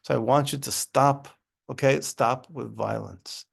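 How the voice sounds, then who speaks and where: A man's voice: medium pitch, fairly even intonation, unhurried, vocal fry, husky, exaggerated voice. A man voicing a stern male guru who insistently scolds jungle animals in a told fable. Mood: scolding.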